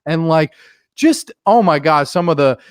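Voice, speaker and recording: A man co-hosting a casual movie review chat, animated, laughing often and acting out scenes in voices. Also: a little high, measured pace, clear, resonant tone, dry recording, studio quality. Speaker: podcast co-host.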